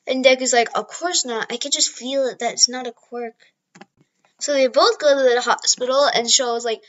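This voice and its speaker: High-pitched woman improvising a fan story offhand, loose and rambling. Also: normal speed, fairly bright tone, lo-fi sound. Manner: rambling, with frequent restarts and apologies.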